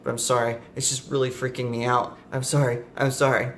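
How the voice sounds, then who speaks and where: A man voicing his nervous young friend, an anxious passenger pleading with him to slow down. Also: medium pitch, flat delivery, fairly bright tone, slight background noise, close to an everyday voice.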